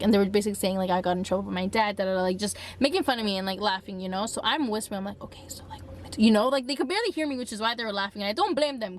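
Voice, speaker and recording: Young woman doing a storytime vlog, kinda high voice, super animated and dramatic. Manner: animated, dramatic retelling with frequent "like". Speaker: vlogger.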